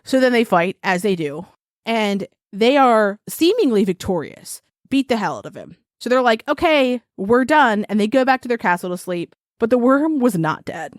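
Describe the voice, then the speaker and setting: Podcast host, woman, animated and foul-mouthed storyteller, bright and lively pitch, dry mic. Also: moderate pace, no room sound. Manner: animated, profane, giggly retelling. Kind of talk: casual storytelling chat.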